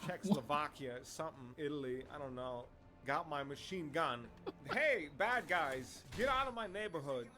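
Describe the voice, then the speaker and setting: A man putting on a celebrity impression while narrating a comedic gaming clip, talking with odd pauses in the middle of sentences. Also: on the high side, lively intonation, music in the background, close to an everyday voice. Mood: deadpan rambling. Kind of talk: comedic gaming video voice-over.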